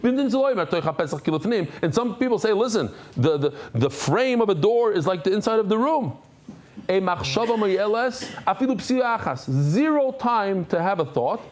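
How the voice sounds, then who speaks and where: A man leads a daily Talmud class in a fairly high voice that swings up and down a great deal. He repeats phrases, stops to explain terms in English, and tosses in jokes for the class. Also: sing-song, unhurried, darkish tone. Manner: jokey asides to the class. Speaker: Talmud teacher.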